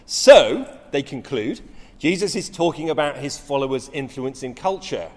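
A man's voice: medium pitch, animated, normal speed, darkish tone, long reverb tail. A middle-aged man preaching a sermon, telling stories with rising emphasis and frequent restarts.

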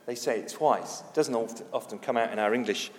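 A man preaching a sermon, emphatic, with big swings between loud declarations and hushed lines. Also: medium pitch, a little fast, big-room sound. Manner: emphatic, dramatic swings in loudness and pace.

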